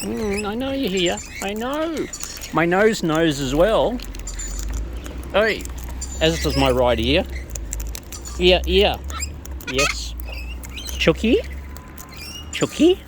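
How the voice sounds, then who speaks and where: A woman chats to wild birds in a playful, cooing baby-talk voice as she feeds them outdoors. Her pitch swoops up and down a lot and she talks slowly. The recording is noisy with birds all around. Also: big pitch swings. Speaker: bird feeder filming wild birds.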